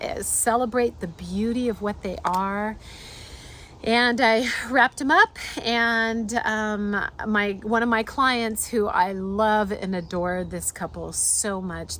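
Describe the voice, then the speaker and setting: A woman with a fairly high voice tells a personal story outdoors. She talks in a heartfelt, rambling way, full of fillers and restarts. A faint ambient hiss sits behind her. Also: fairly bright tone. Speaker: artist and host.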